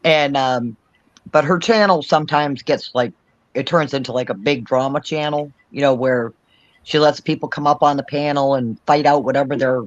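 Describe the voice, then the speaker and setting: A man's voice: medium pitch, steady tone, moderate pace, no room sound, dull audio. A man from Cape Cod with a mixed Boston, Florida and Alabama accent, telling stories in casual chat and laughing often. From Cape Cod, Massachusetts.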